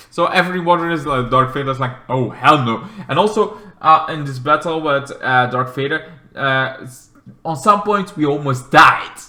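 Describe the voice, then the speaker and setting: A game reviewer with a slightly high voice recaps a video game in a rambling, excitable way, swearing often and performing the characters in big voices. The sound is roomy.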